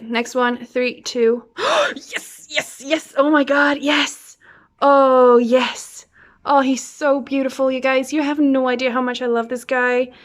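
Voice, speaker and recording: A young woman with a fairly high voice talks through an unboxing in a slow, drawn-out way. She counts down and gasps at each reveal, then often drops into soft whispers. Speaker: vlogger unboxing albums. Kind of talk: excited unboxing vlog chat.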